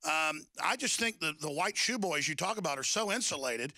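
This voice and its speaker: Male radio host: gravelly, bright, forceful edge, dry close sound, agitated delivery. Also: on the high side, animated, no echo. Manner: intense, agitated, fast rambling. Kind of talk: talk radio interview.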